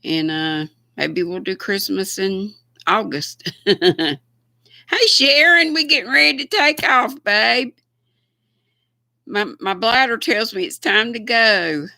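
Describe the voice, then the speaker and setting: Older woman, Southern US accent, livestream host, slow folksy chat, gravelly and bright. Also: medium pitch, no echo. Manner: folksy, chatty, laughs often. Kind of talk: casual livestream chat with viewers.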